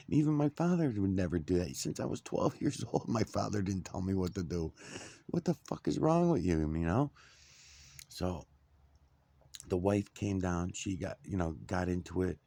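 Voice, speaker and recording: Deep gravelly middle-aged guy ranting a story, cussing, dark voice. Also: moderate pace, no room sound. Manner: profane, animated, indignant. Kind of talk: casual storytelling.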